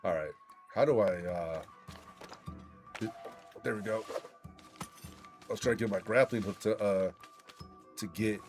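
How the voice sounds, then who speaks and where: A man's voice: on the low side, measured pace, pauses often, soft background music. A man hosting a gaming channel, chatting casually and swearing while he plays and tells stories. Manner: animated, swearing storyteller. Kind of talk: casual commentary while playing a game.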